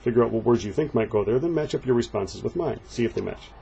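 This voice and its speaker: A man walking through a Spanish textbook page, patiently explaining and reading the example phrases slowly. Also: medium pitch, lively intonation, gravelly, dark tone, husky, muffled recording. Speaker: Spanish teacher. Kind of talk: textbook walkthrough lesson.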